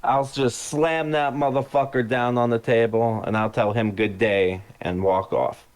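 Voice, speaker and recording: A laid-back man playing a tabletop game. He stammers into his sentences and swears casually. His pitch is ordinary for a man. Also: steady tone, unhurried, smooth. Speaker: player. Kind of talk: casual tabletop role-play.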